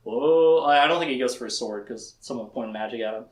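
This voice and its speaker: A man casually recapping a book's plot in a lecture, laughing often and acting out the characters' lines in quick asides. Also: mid-range voice, roomy sound. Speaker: book discussion host.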